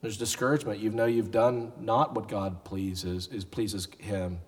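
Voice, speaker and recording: A man's voice: fairly low pitch, fairly even intonation, measured pace, in a large hall. A pastor giving a conversational sermon, sometimes acting out the people he quotes, in a church sanctuary. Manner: conversational preaching, acts out quoted voices.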